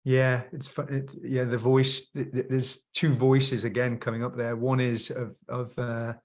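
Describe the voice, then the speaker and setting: A man with a flat, even voice and a low-key delivery. He speaks haltingly, restarting his sentences as he searches for the right words. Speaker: guest in coaching session. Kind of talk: reflective conversation.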